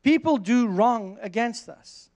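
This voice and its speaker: High-voiced man preaching a sermon. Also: takes it slowly. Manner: animated storyteller, frequent restarts, laughs. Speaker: pastor. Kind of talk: sermon with personal anecdote.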